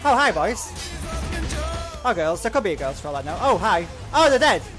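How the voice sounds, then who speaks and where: A man hosting a let's play video, giving excitable commentary that swears often and talks to himself while he plays, wearing headphones at home. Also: sits high, moderate pace. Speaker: gaming channel host. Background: game music.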